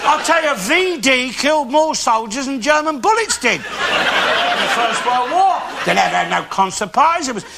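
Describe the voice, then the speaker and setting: Swearing pensioner in his seventies, ranting live on stage, high and animated over a roaring crowd. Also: normal speed, gravelly, heavy background noise, exaggerated voice. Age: 70s. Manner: grumbling, ranting, swears often. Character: cantankerous old working-class London bigot. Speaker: comedian in character. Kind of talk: stand-up monologue to a live audience. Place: theatre stage. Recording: live TV show with loud audience laughter.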